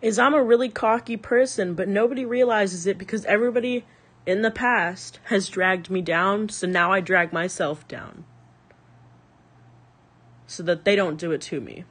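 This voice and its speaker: A young adult freestyling a raw, confessional spoken-word poem with heavy swearing, halting now and then to restart a phrase. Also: mid-range voice, fairly bright tone.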